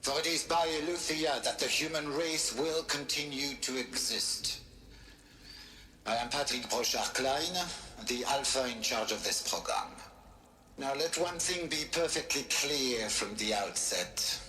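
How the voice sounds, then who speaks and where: An actor playing a proud, formal male scientist who leads a program, speaking in measured, grandiose tones in a video game scene. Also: medium pitch, sharp tone, slight background noise. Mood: formal, stately. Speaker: program director giving a recorded welcome address. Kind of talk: video game cutscene dialogue. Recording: roomy echo with faint music behind.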